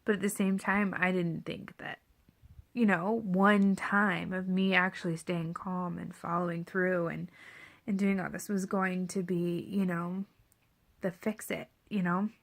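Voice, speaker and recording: A woman's voice: fairly low pitch, flat delivery, unhurried, vocal fry. A pregnant young woman telling a parenting story to camera in a candid, reflective way, often dropping to a near whisper. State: seven and a half months pregnant. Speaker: parenting vlogger.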